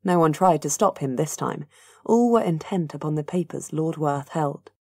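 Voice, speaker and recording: A woman narrating a fantasy audiobook in an even, measured way. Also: deep voice, creaky, husky, dry recording. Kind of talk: scripted narration.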